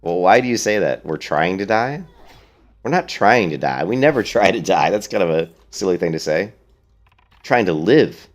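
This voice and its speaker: A man streams a video game in casual let's-play style, chatting with viewers and answering their questions bluntly and with strong opinions. His voice sits low, with big pitch swings and a moderate pace.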